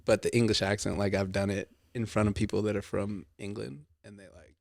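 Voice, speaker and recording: Relaxed man rambling in dry sound. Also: fairly low pitch, a little fast, creaky, no echo. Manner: relaxed, rambling storyteller, laughs often. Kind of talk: casual chat.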